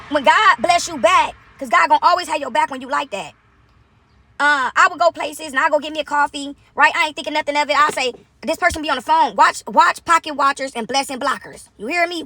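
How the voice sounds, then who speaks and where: A woman telling a long casual story to her viewers, chatty and animated, tossing in "right?" after almost every point. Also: high-pitched. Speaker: vlogger.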